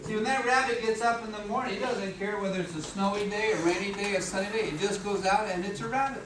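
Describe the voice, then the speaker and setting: Lively, humorous man giving a motivational talk. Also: high-pitched, fast talker, crowd noise. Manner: humorous, animated, acts out voices and sounds. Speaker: speaker at a business meeting. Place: office meeting room. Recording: echoey room, far from mic, background noise.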